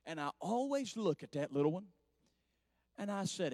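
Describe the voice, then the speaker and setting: A man's voice: high-pitched, very animated, normal speed, a little mellow, no room sound, studio quality. A man, preaching a sermon in a church with folksy storytelling that rises to fervent passages.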